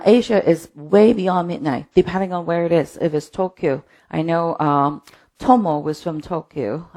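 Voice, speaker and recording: Gravelly-voiced woman teaching line dance. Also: on the low side, dark tone. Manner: chatty, counts steps aloud. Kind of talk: live-streamed dance class. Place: home.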